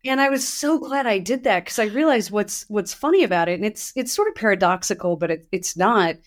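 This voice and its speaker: Speaking briskly at a medium pitch, this woman hosts a casual podcast chat. She's an animated storyteller who performs the quotes she relates.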